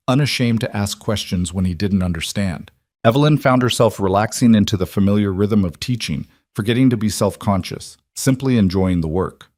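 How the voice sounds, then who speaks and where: Low-voiced calm male storyteller. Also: dry recording, clean studio sound. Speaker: narrator. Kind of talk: scripted narration.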